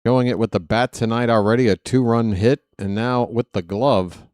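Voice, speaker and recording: A man's voice: mid-range voice, steady tone, normal speed, a little mellow, no echo, clean studio sound. A man calling a ballgame play-by-play on a fan live stream, chatty, joking and fussy.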